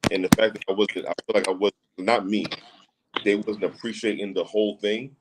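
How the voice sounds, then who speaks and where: In a very noisy recording, a fairly low-pitched man speaks briskly in a level tone. He's a casual podcast guest, emphatic and repetitive, who often asks whether you know what he's saying.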